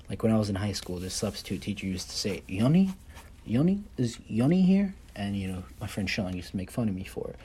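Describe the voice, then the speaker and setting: A man's voice: fairly low pitch, warm tone, slight background noise. A young adult man hosting a solo podcast, talking loosely and profanely with lots of fillers and asides. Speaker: podcast host. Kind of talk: casual solo podcast chat.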